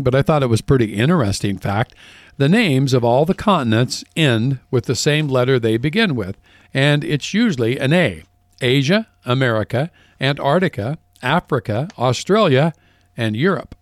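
A man's voice: medium pitch, lively intonation, normal speed, no room sound, studio quality. A man hosting a farm radio show, chatting casually and reading short segments in a folksy way. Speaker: radio host.

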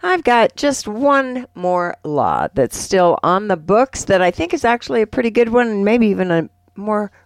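A chatty, upbeat woman hosting a radio program and reading the ads. Her pitch is lively and moves around a lot. The recording is dry and close. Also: moderate pace, hardly any pauses, no room sound. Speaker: radio host.

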